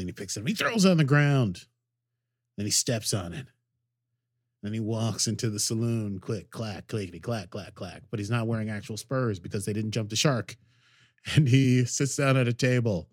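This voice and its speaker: A man co-hosting a podcast who recaps a TV episode as an animated storyteller and laughs often. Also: fairly low pitch, normal speed, no room sound, clean studio sound. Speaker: podcast co-host.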